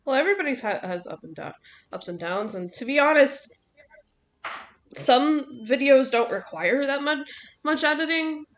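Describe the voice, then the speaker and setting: A woman's voice: high voice, lively intonation, moderate pace, a bit bright. A woman in casual chat, rambling and correcting herself mid-sentence. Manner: rambling, self-correcting restarts.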